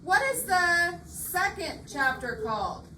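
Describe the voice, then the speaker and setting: High-voiced woman teaching slowly in a classroom. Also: lively intonation, pushed and bright. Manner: slow, patient, repeats questions. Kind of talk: reading lesson. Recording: echoey classroom, far mic, faint hiss.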